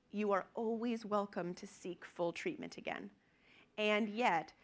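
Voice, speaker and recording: Earnest woman doctor giving a lecture. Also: mid-range voice. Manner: earnest, emphatic, acts out quoted patients. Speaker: physician lecturer. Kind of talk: conference presentation.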